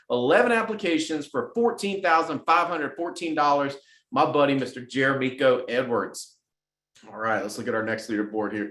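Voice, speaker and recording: Energetic man giving a motivational sales talk. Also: a little high, roomy sound. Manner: energetic, repeats phrases for emphasis. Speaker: sales team leader hosting a weekly message. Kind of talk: motivational team address.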